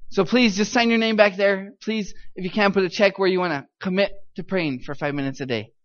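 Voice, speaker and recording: A young man from the United States speaks in a high voice, relating a church testimony with animated emphasis. The recording sounds dull and lo-fi, as if captured in a church hall. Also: brisk. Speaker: missionary speaker.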